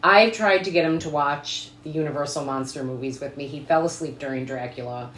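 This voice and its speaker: A woman co-hosting a podcast in an enthusiastic, playful chat style, with a notably low voice. Her voice carries a roomy echo. Faint noise sits in the background. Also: a little fast, a bit bright. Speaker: podcast co-host.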